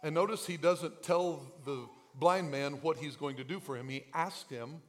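A man pastor preaching a sermon in a church, swinging from quiet asides to shouted lines. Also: a little high, moderate pace.

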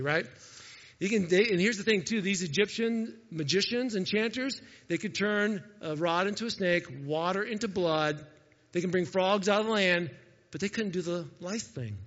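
Animated male pastor in an echoey hall. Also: on the high side. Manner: animated, jokey, talks straight to the congregation. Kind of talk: sermon. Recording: echoey hall, dull lo-fi sound.

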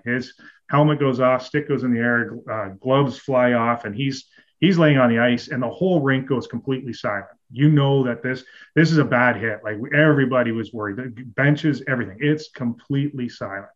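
A man, a former hockey goalie and podcast guest, telling rambling stories in a casual way, with restarts and chuckles. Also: medium pitch. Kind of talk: casual anecdotal storytelling. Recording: dull, lo-fi audio.

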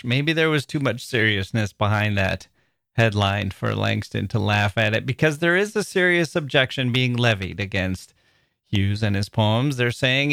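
A man's voice: fairly low pitch, expressive, moderate pace, vocal fry, fairly bright tone, dry recording, studio quality. A man hosting a literary podcast, talking thoughtfully and expressively, often reading aloud with feeling. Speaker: podcast host.

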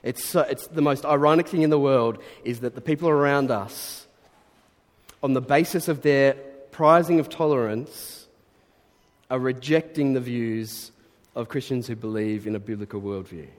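A man preaches to his congregation in an earnest, conversational way that swells into emphatic bursts. His voice sits at a middling pitch. It rings with long reverb, as if carried through a large hall. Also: normal speed. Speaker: pastor. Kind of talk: sermon.

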